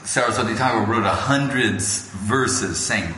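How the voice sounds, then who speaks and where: A man's voice: medium pitch, expressive, unhurried, pushed and bright. A man giving an informal devotional talk to a gathering, telling stories and acting out other people's voices. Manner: storytelling, acts out quoted voices. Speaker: spiritual lecturer. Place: gathering hall. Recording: echoey room with faint background noise.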